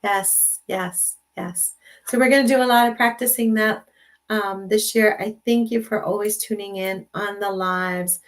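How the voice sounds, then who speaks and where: A woman's voice: medium pitch, fairly even intonation, normal speed. An older woman hosting a casual live stream from her computer, talking in an affirming way and often repeating her words. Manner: warm, affirming, repeats phrases. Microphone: computer mic.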